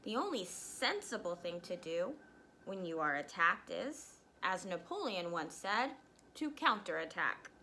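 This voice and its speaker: A woman reading a children's storybook aloud, pausing to explain words for young listeners. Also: fairly low pitch, sing-song, bright, forceful tone, a little hiss or hum, poor audio. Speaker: reader.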